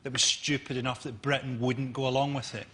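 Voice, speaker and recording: A comedian on a panel show delivering dry, sardonic one-liners. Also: male voice, medium pitch, level tone, fairly quick, pushed and bright. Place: TV studio with a live audience.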